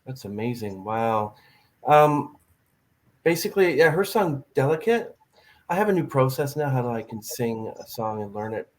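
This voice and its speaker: An animated male podcast host chatting casually with a guest. His voice sits in a middle pitch, and he tells stories with plenty of energy, slipping into little acted-out quotes along the way. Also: normal speed, rough recording. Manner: animated storyteller, acts out quotes. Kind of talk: casual chat.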